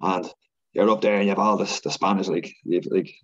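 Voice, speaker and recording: A podcast guest telling stories in a rush of excited, rambling speech, full of fillers and repeats. His voice is low and husky, and the lo-fi recording sounds dull. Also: a little fast. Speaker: podcast guest, Ironman athlete. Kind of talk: casual storytelling chat.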